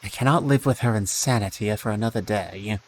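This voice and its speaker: A man's voice: fairly low pitch, fairly quick, a little hiss or hum, lightly acted, low-quality recording. A man voicing a resentful grown son in a game, making formal, indignant demands.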